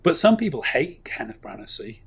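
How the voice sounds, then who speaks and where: A man's voice: on the high side, sing-song, normal speed, slightly rough. A man co-hosting a film review podcast, chatting casually and rambling enthusiastically with many fillers and asides. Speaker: podcast co-host.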